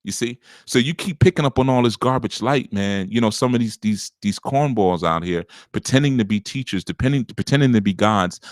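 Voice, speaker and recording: Man, deep and gravelly with a slight scratch, punchy blunt spiritual teacher lecturing off the cuff, close and dry. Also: brisk, hardly any pauses, no room sound. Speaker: spiritual teacher giving relationship advice. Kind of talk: blunt unscripted monologue.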